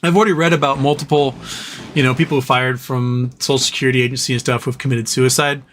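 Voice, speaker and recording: Reading chat messages aloud during a live stream, this host rants sarcastically and swears as he chats casually. He's a fast talker with a steady, mid-range, fairly bright voice, and there's slight background noise.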